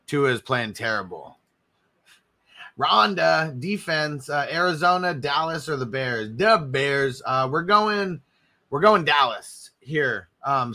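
A man hosting a casual live stream, answering viewers and giving hyped shout-outs. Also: mid-range voice. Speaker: livestream host.

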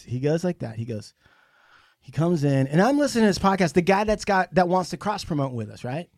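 A man's voice: a little high, sing-song, brisk, a little mellow, dry recording, studio quality. A man hosting a podcast, telling a heated story in casual profane talk. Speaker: podcast host.

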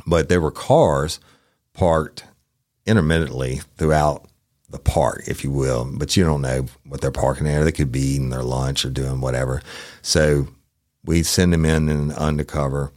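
A man's voice: very deep voice, steady tone, moderate pace, a little mellow, no echo, studio quality. A middle-aged man, a former detective hosting a podcast, telling stories in a rambling, profane, folksy way. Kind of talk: casual storytelling.

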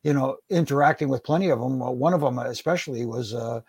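A man telling animated stories in a casual podcast chat about wrestling. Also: mid-range voice, fast talker, vocal fry, husky, no echo, studio quality. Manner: storytelling, animated anecdotes with acted quotes.

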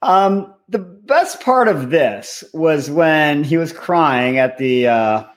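A man's voice: fairly high pitch, expressive, takes it slowly. A man co-hosting a podcast, moving the chat from one topic to the next in a loose, chatty way. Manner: steers the topics, chatty with fillers. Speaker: podcast co-host. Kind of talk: casual chat.

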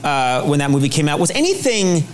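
A man's voice: on the high side, sing-song, a little fast, slight background noise. A male interviewer asking a question in an earnest, enthusiastic way.

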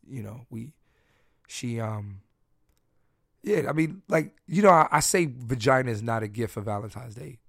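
A man's voice: mid-range voice, creaky, no echo, studio quality. A man hosting a podcast, telling candid, crude and joking personal stories in a casual solo chat. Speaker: podcast host.

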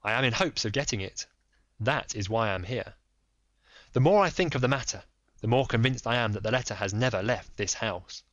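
A man voicing a calm, shrewd detective who speaks deliberately. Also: mid-range voice, no room sound, voice pushed down, natural voice. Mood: composed. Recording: dull dry recording.

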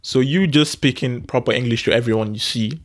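A man's voice: mid-range voice, a little fast. A young man talks easily in a mid-range voice. He chats loosely as a guest, laughing often and leaning on "you know" as he goes. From Nigeria. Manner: laid-back, laughs often, peppers speech with "you know". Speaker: podcast guest. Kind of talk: casual chat.

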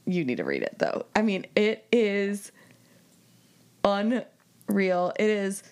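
Young female co-host, mid-pitched, dry and teasing, relaxed chat. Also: slow pace, smooth. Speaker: podcast co-host. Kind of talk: casual chat.

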